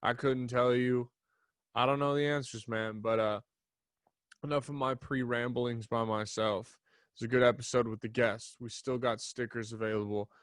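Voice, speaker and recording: A young man rambling through a solo podcast segment in a relaxed, profane, offhand way. His voice sits at an ordinary middle pitch and sounds dry and close, with hardly any room around it. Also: moderate pace, no echo. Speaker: podcast host. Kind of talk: casual solo podcast chat. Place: small home studio. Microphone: desk mic in front of a camera.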